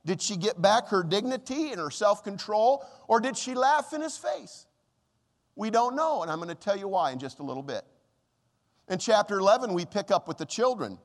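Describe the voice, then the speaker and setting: A man's voice: high-pitched, expressive, moderate pace. Pastor, male, fervent sermon delivery with dramatic swings, reverberant sanctuary. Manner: impassioned preaching, dramatic rises and drops when quoting God.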